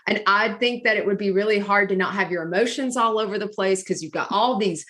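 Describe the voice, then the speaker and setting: A woman's voice: mid-range voice, a little fast, a bit bright. A woman hosting a casual interview, playful and teasing with her guests. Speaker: host.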